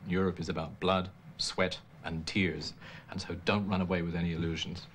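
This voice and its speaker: An actor playing a polite but firm male official, measured and businesslike. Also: low-pitched, little pitch movement, a bit bright, a little hiss or hum. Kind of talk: TV comedy acting.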